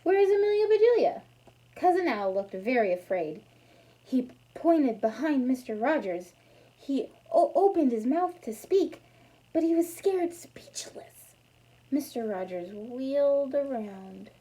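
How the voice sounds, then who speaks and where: A woman reading a picture book aloud, adding casual explanations to listeners, sometimes dropping to a soft near-whisper. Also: a little high, lively intonation, takes it slowly, husky, low-quality recording. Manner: warm asides, soft and near whispered at times. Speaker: storybook reader.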